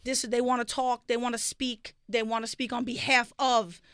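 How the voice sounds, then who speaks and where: Casting: bright, slightly high woman, streetwise and animated, dry studio sound. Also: normal speed, smooth, no room sound. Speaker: psychic medium guest. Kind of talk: casual radio chat. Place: radio studio.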